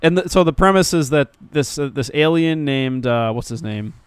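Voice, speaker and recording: A man's voice: on the high side, animated, normal speed, smooth, no echo. A man co-hosting an anime podcast, chatting casually, rambling and joking with frequent laughs. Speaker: podcast co-host. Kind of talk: casual review chat.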